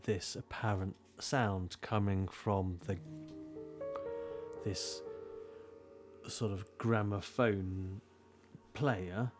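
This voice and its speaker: A man's voice: fairly low pitch, steady tone, drawn-out words, long pauses. A man narrating a tabletop game as game master, teasing his players with wry asides. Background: music.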